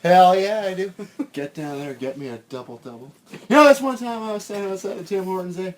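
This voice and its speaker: A man's voice: sits high, fairly quick, slight background noise, close to an everyday voice. A man voicing a chatty Canadian man who tags his sentences with "eh" and rambles through a story. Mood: rambling.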